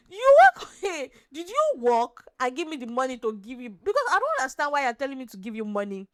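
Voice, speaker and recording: A Nigerian woman hosting a podcast, chatting casually as an animated, laughing storyteller. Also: sits high, normal speed, few pauses, smooth, dry recording, clean studio sound. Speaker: podcast host. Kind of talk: casual chat.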